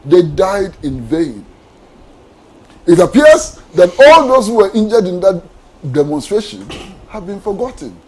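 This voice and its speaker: A man's voice: high-pitched, very animated, unhurried, a little hiss or hum, low-quality recording. A man, a panelist giving impassioned political commentary on a talk show, asking repeated rhetorical questions. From Ghana.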